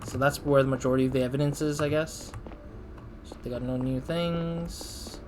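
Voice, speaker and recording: A man's voice: mid-range voice, fairly even intonation, normal speed, noisy background. A man giving casual let's-play commentary, thinking aloud and laughing at himself. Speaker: gaming channel host.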